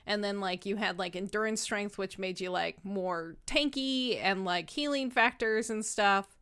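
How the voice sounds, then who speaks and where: A woman's voice: medium pitch, fairly bright tone, clear, resonant tone. A woman in her thirties with a subtle lisp, co-hosting a casual gaming podcast and swearing freely. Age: 30s. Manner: swears freely, fast filler-heavy talk. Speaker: podcast co-host.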